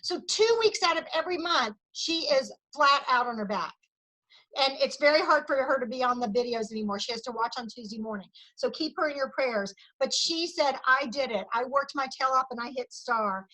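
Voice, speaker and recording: A woman's voice: sits high, a little fast, bright, forceful tone, poor audio. A woman leading a sales team meeting over a video call, giving an enthusiastic pep talk full of cheering and recognition. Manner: enthusiastic, cheering, Southern "y'all".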